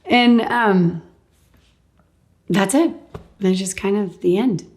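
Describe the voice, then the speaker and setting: A woman casually telling a personal story as an interview guest, animated and quick to laugh, often saying "like" and "um". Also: mid-range voice. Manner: animated, laughs often, acts out what others said; fills speech with "like" and "um". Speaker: guest sharing a healing testimony.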